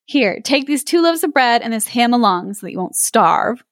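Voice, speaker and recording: A woman podcast host reading a fairy tale aloud, playful and animated with voices and laughs, breaking off to chat with her co-host. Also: a little high, moderate pace, dry recording, studio quality. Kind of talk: storybook read-aloud with chat.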